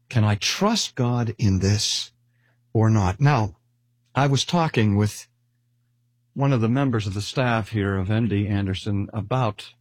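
Older male preacher, husky and dry. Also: medium pitch, dry recording. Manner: measured, with slow emphatic pauses. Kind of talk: sermon. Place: speaking at a cancer hospital.

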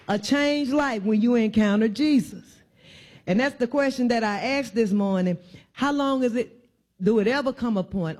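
A woman's voice: fairly high pitch, animated, moderate pace, a little mellow. A woman giving an informal sermon in a church, preaching conversationally and driving her points home with repeated emphatic phrases. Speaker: church speaker.

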